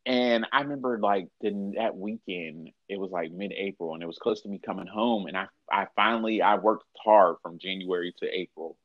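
A man's voice: low voice, normal speed, hardly any pauses, no room sound, muffled recording. A man in his early thirties co-hosting a podcast, chatting casually and rambling with many restarts and self-corrections. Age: early 30s. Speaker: podcast co-host. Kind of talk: casual chat.

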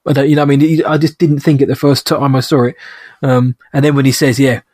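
A man hosting a podcast, chatting enthusiastically about a film with halting restarts. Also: medium pitch, fairly even intonation, a little mellow, husky, no echo, studio quality. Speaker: podcast host. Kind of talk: casual film chat.

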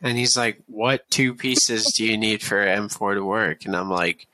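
A man's voice: lowish voice, a little slow, heavy background noise. A young man, a podcast guest, telling a long casual army story full of swearing and breaking into laughter. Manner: profane, laughs through his own story.

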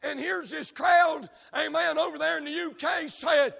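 A man preaching a fervent sermon, breaking into shouts and dropping frequent amens. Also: very high voice, steady tone, normal speed, vocal fry, few pauses, in a large hall.

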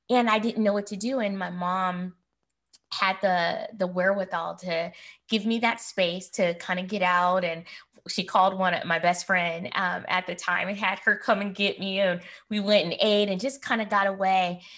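A woman in her forties with a gravelly, fry-laced voice shares a personal memory candidly. Her telling is reflective and unguarded, as a co-host in casual conversation. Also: medium pitch, fairly even intonation, moderate pace, fairly bright tone, low-quality recording. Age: 40s. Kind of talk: personal storytelling in casual chat.

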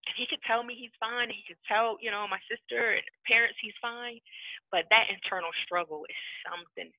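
A woman guest telling a personal family story in a lively, emotional way, acting out the people in it. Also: a little high, fairly quick, no room sound. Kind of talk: casual storytelling. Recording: tinny phone line.

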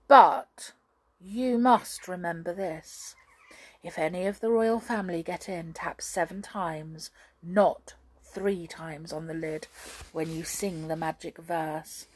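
A woman voicing a sly female witch in a storybook, chanting spells in a hushed sing-song. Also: on the low side, takes it slowly, slightly rough.

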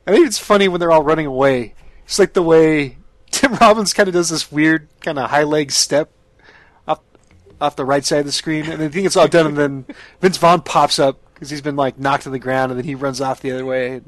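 A man's voice: a little high, fairly quick, dry recording. A man chatting casually as a podcast co-host, rambling, laughing often and swearing freely. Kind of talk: casual chat.

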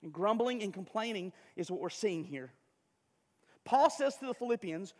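A high-voiced pastor preaches with emphatic, conversational energy and frequent asides. His voice rings out with the long reverb of a big hall. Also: lively intonation, normal speed. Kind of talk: sermon.

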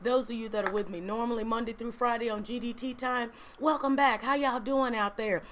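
A woman's voice: on the high side, fairly even intonation, fairly quick, a bit bright. A woman hosting a faith-based livestream, chatty and encouraging, often tagging "right?" onto her sentences. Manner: chatty and encouraging, peppered with "right?" and "you know". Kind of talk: casual inspirational talk to a live audience.

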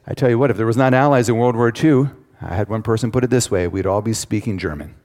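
A man's voice: on the low side, quick pace, a little mellow. A man teaching a Bible study to a live audience, in a conversational way with asides to the listeners. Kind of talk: sermon-style Bible teaching. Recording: long hall reverb.

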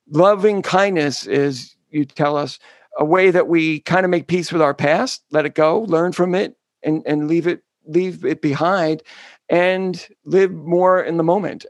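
A man's voice: on the high side, vocal fry, no room sound. A male host asking an author long, enthusiastic, rambling questions with frequent restarts. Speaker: podcast host interviewing an author. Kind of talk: conversational interview.

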